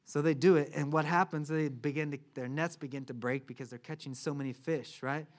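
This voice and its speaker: A man's voice: on the high side, fairly quick. A man preaching a sermon as pastor, telling a Bible story with humor and checking in often with "right?". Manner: animated, humorous storytelling with many "right?" tags.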